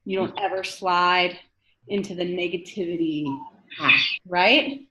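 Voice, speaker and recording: A woman's voice: on the low side, fairly even intonation, unhurried, sharp tone. A woman lecturing a class in a conversational way, often checking in with the room by asking "right?". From northern United States. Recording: dull lo-fi lecture recording.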